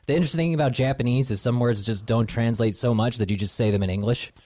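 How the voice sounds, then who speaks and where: A man's voice: mid-range voice, quick pace, dark tone, no room sound. A man co-hosting, casually cracking jokes about a video with profane asides. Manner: wisecracking, mock Japanese outbursts. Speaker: co-host reacting to a video. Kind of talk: casual profane reaction commentary.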